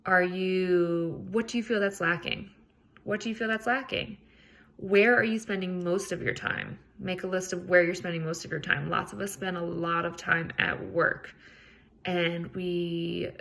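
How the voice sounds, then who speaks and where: A woman's voice: lowish voice, vocal fry, fairly bright tone. A woman hosting a podcast, talking casually and earnestly on her own, encouraging and a bit rambling. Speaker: podcast host. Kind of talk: casual solo self-help talk.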